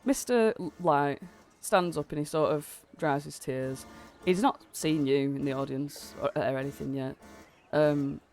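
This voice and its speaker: A man's voice: on the high side, a little slow, darkish tone, faint music behind. A man narrating as game master of a tabletop game, rambling with lots of fillers while he has a cold.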